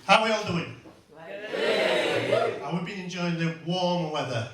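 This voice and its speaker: A man's voice: high voice, unhurried, background noise. A man doing stand-up, telling crude rambling family stories full of tag questions. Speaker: stand-up comedian. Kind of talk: stand-up comedy routine. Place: comedy club stage. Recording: echoey venue, mic far off.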